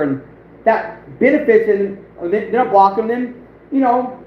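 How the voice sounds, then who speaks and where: A man's voice: high-pitched, fairly even intonation, fairly quick. A man from the United States hosting an outdoors livestream, chatting casually in a rambling, boastful way and chuckling often. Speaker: outdoors channel host, livestreaming. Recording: roomy, dull lo-fi sound with faint noise.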